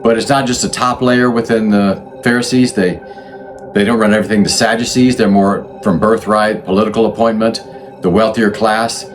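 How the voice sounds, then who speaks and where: A man with a somewhat low voice explains history in a relaxed, unscripted way. He often stops and restarts mid-phrase as he thinks aloud. Soft music plays faintly behind him. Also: normal speed. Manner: conversational, thinks aloud with restarts and self-corrections. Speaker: channel host explaining religious history.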